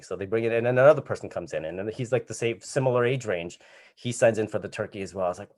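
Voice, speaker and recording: A man telling a comic anecdote on a virtual show, animated, acting out voices and laughing as he goes. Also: lowish voice, rapid-fire. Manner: animated, acts out voices and laughs mid-story. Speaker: comedian guest. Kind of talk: storytelling anecdote. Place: home video call.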